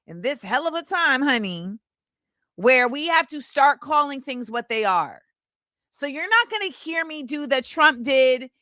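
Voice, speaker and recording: A woman hosting a casual livestream talk show, talking in an animated, sing-song way and reading out viewers' shout-outs. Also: a little high, no room sound. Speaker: host. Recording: music playing behind the voice. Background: music.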